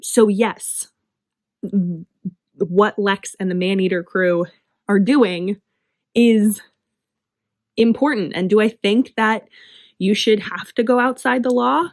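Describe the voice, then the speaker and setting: A woman's voice: mid-range voice, slow, pauses often, dry recording. A woman talking passionately and emphatically in a casual book review vlog, with frequent fillers. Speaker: book vlogger.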